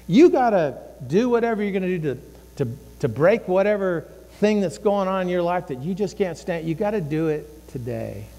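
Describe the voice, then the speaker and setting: A man's voice: high-pitched, lively intonation, normal speed, warm tone, long reverb tail, poor audio. A man preaching a sermon as pastor, impassioned and repetitive, acting out the inner voices he describes. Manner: impassioned, acts out inner voices, repeats phrases. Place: church sanctuary.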